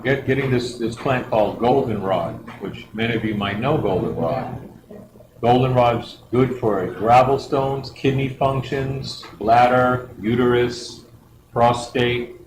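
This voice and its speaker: Middle-aged man, church guest speaker, rambling storyteller, echoey hall, noisy background. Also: medium pitch. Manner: rambling and lively, acts out quotes. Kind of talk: personal storytelling talk.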